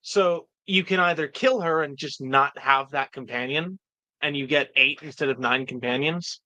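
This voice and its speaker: A man's voice: fairly high pitch, normal speed, sharp tone, no room sound. A man guest in a casual chat, eagerly explaining and tripping over his words. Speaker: fan editor, guest.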